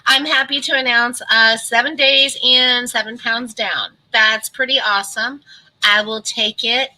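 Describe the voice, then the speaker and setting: Middle-aged woman, very bright voice, slightly high, chatty live-stream vlog. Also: steady tone, measured pace, rough recording. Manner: chatty, greets viewers by name. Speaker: keto vlogger. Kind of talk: casual live-stream chat.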